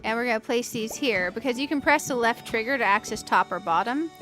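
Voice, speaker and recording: A woman's voice: fairly high pitch, animated, brisk, fairly bright tone, faint music behind. A woman hosting a casual let's-play, chatting to her viewers as she builds and thinking aloud in a playful, self-mocking way. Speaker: gaming channel host.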